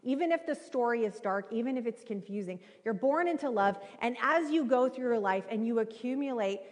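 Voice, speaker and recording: A woman in her thirties preaching a sermon, telling a personal story in a conversational, animated way with many fillers. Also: a little high, fairly quick. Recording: reverberant hall.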